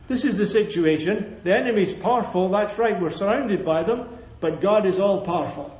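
High-voiced preacher in an echoey hall. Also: male voice, lively intonation, normal speed, a little mellow. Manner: emphatic, repeats key phrases, asks the congregation for amens. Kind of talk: sermon. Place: church hall with a congregation. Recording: echoey, dull lo-fi sermon recording.

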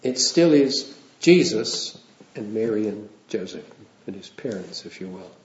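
A man's voice: lowish voice, animated, a little slow, slight background noise. A man preaching a sermon in a conversational way, with wry asides and small chuckles. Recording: roomy, dull lo-fi sound.

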